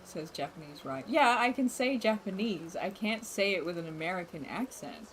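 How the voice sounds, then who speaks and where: A woman's voice: mid-range voice, lively intonation, normal speed. A young woman game streamer chatting casually with her live chat and laughing often between lines. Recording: noisy room ambience.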